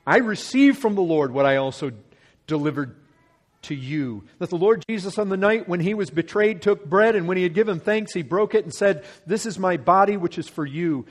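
A man delivering an expository sermon in a somewhat high voice. He reads verses aloud and explains them. His delivery moves between forceful, raised stretches and quiet, slowed passages. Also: lively intonation. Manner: expository preaching, swings from loud emphasis to hushed, slow lines. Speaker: preacher.

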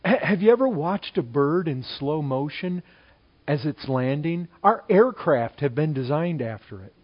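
A male preacher with a high-set voice delivers a sermon. His delivery is animated and jumps from loud exclamation to soft aside. The recording is slightly muffled and lo-fi. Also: unhurried, breathy edge.

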